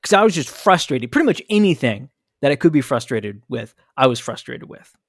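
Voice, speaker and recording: A man's voice: medium pitch, very animated, brisk, no room sound, clean studio sound. A man hosting a podcast, telling a candid, reflective story about his own childhood. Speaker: podcast host. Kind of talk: personal storytelling monologue.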